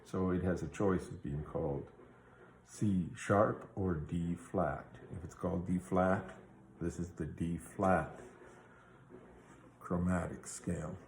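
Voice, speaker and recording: A man's voice: sits low, steady tone, slow, gravelly, darkish tone, roomy sound, a little hiss or hum. A man teaching a guitar theory lesson, explaining patiently step by step and checking in with the listener. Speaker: music teacher.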